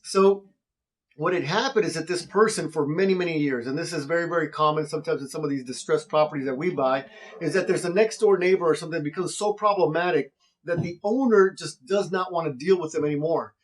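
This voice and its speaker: A man with a slightly raised pitch tells a story from his real estate investing straight to the camera. He keeps it casual and animated, and he slips into the voices of the people he quotes. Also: fast talker.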